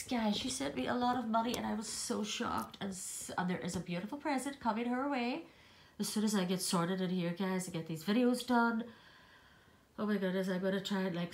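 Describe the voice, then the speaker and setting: An older woman chats to her viewers in a rambling, affectionate way, a little short of breath. Her voice sits at a middle pitch. It echoes around a room in her apartment. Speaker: doll collector vlogger. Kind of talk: casual chatty vlog.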